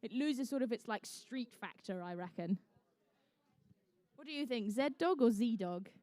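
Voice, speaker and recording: Playful high-voiced English woman commentating. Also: lively intonation, unhurried, mellow, dry recording. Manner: playful, chatty, jokey asides. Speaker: referee and match commentator. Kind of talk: live event commentary. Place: indoor competition venue.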